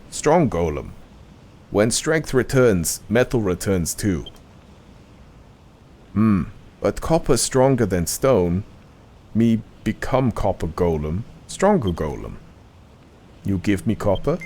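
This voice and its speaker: A man voicing a slow, simple-minded stone golem that talks in broken, heavy phrases. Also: sits low, darkish tone, exaggerated voice.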